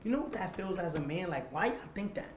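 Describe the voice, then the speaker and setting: Animated man telling a confessional story, echoey room. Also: sits high, quick pace. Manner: animated, acts out quoted dialogue, repeats words. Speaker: interview guest. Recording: echoey room with faint noise.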